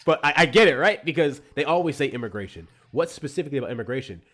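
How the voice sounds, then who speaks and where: A man's voice: mid-range voice, lively intonation, rapid-fire, a bit bright. A man hosting a casual political livestream, laid-back and profane, laughing often. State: recovering from illness. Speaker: livestream host. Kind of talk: casual live-stream chat.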